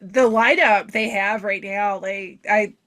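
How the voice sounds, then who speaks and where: A woman's voice: medium pitch, fairly even intonation, slow pace, fairly bright tone. A woman co-hosting a podcast, chatting casually with wry remarks and casual swearing. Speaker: podcast co-host. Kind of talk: casual chat.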